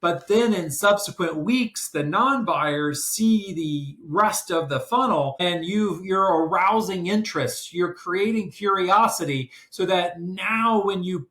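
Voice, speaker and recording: A man hosting a podcast who explains business strategy in a measured, deliberate way. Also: high-pitched, a bit bright. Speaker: podcast host. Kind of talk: casual business discussion. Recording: roomy echo.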